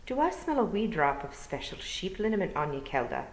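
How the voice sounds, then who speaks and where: A woman voicing a tiny, shrewd, dying old pixie clan mother who speaks slowly and weakly in a put-on Scottish accent. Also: on the low side, big pitch swings, voice pushed up. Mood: fond, weak. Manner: slow, weak, murmuring. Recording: roomy echo.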